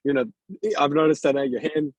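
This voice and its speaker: A man's voice: on the high side, steady tone, fairly quick, dry recording. A man training as a car salesman, talking over a video call in a hesitant way, repeating words as he thinks aloud. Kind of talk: coaching session, casual.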